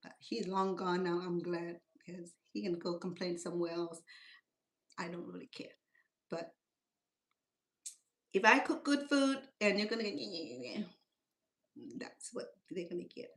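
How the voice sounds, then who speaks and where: A woman's voice: lowish voice, measured pace, pauses often, a bit bright. A middle-aged woman with a Cambodian accent, a native Khmer speaker, hosting a home cooking channel and rambling through stories in broken English from her kitchen. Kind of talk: casual chatty cooking talk.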